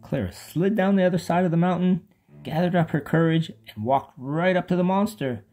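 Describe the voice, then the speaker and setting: A narrator reading a children's bedtime story aloud with lively, expressive storytelling. The voice sits in a middle pitch, with soft music faintly underneath. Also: brisk.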